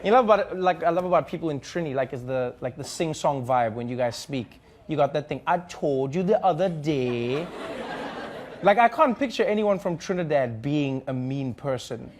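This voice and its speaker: A South African man hosts a comedy talk show, doing improvised crowd work and slipping into silly put-on voices. His fairly high voice is expressive and a little fast with few pauses, and studio audience laughter and ambience sit behind him along with a little hiss or hum.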